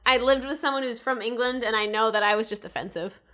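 A woman's voice: on the high side, fast, sharp tone. A woman hosting a casual podcast over a remote call, chatty and self-mocking, laughing often. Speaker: podcast host. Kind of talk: casual chat.

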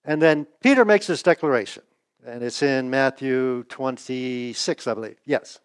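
A man's voice: moderate pace, clear, resonant tone. A pastor giving a conversational sermon at a church service, often asking "right?" and acting out the quotes he reads. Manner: chatty, asks "right?" often, acts out quotes with raised pitch.

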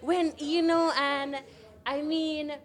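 A woman's voice: high-pitched, little pitch movement, slow. A young woman with a Jamaican accent, co-hosting a casual podcast chat and speaking her views emphatically. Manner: opinionated, emphatic. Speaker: podcast co-host.

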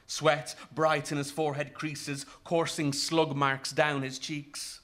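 A man narrating a literary story in a measured, vivid way, with rhythmic phrasing. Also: on the high side, level tone, a bit bright.

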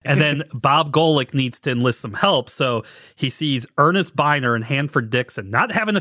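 A man's voice: medium pitch, moderate pace, bright, forceful tone, dry recording, studio quality. A man co-hosting a casual podcast, laughing often as he recounts scenes. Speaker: podcast co-host. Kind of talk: casual chat.

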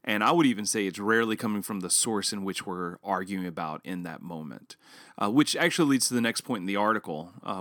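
Casting note: male podcast co-host, 30s-40s, lowish voice, storyteller, dry close mic. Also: fairly bright tone, no room sound. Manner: storytelling, acts out his own past lines with rising pitch. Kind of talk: casual podcast conversation.

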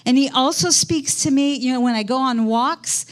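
In a church, a middle-aged woman pastor with a high voice preaches conversationally at a moderate pace. She tells stories in a chatty way and keeps quizzing her congregation with questions.

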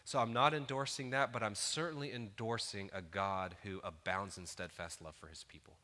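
Male pastor, thirties, earnest conversational sermon, bright forceful tone, lowish voice. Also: fairly even intonation, moderate pace, in a large hall. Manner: earnest, conversational preaching with rising emphasis.

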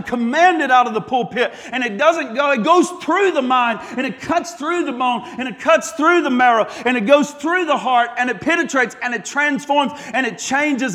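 A man's voice: extremely high pitch, pushed and bright, long reverb tail. A man, a pastor preaching a sermon in a church, impassioned, stacking repeated phrases and stumbling through restarts.

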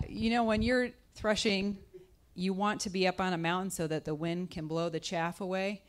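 In a steady tone and at normal speed, a woman guest speaker gives a conversational sermon. She draws in her listeners with questions, and when she acts out voices from scripture her pitch jumps.

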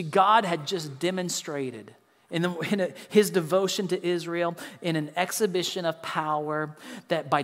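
A man preaching a sermon, earnest and a bit halting, often restarting and repeating words. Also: fairly high pitch, a bit bright, big-room sound. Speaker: pastor.

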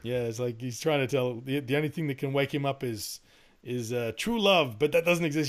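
A man's voice: medium pitch, fairly quick. A man in casual podcast chat, rambling with lots of fillers, laughing and swearing as he talks. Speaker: podcast co-host.

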